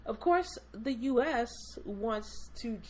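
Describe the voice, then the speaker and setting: A woman's voice: fairly high pitch, animated, takes it slowly, slight background noise, poor audio. A woman co-hosting a podcast in casual chat, blunt, sardonic and profane. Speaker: podcast co-host.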